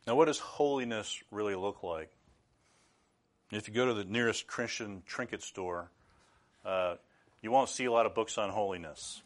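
A middle-aged man preaching a sermon in an earnest, measured way, now and then rising to loud bursts. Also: fairly low pitch.

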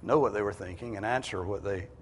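A man preaching a sermon, emphatic, rising in pitch and force to drive his points home. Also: quick pace, long reverb tail, slight background noise.

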